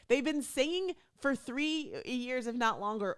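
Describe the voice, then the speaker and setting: On her solo podcast, this woman, an adult stepmom, keeps up a moderate pace with few pauses, her slightly high voice flowing smoothly. Her talk is chatty and lively, and she performs the lines others said to her.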